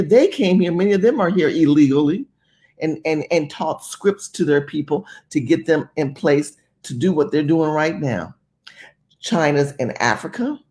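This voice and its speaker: A woman from California giving emphatic, rambling political commentary. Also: fairly low pitch. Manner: emphatic, rambling, animated delivery.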